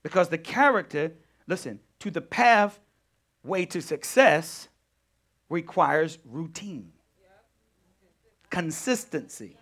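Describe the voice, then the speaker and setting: Animated high-voiced preaching man. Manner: call-and-response preaching, drawn-out phrases, laughs with the audience. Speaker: pastor. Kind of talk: lively Bible-study sermon.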